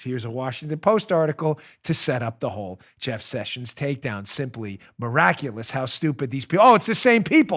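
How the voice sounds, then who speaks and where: Brief: male podcast host, fairly high-pitched voice, sarcastic and combative, jumps between loud jabs and quiet muttering. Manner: sarcastic, rapid-fire, mocking asides; swings between loud outbursts and low muttering. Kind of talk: animated political commentary.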